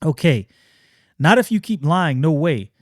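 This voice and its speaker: A man hosting a casual comic book review, excitable and slangy, often restarting his sentences. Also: fairly high pitch, unhurried, no echo, clean studio sound.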